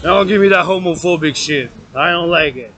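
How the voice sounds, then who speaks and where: A man from Canada giving a loud, profane, rambling rant, chanting and repeating words. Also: fairly high pitch, moderate pace, faint music behind. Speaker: vlogger.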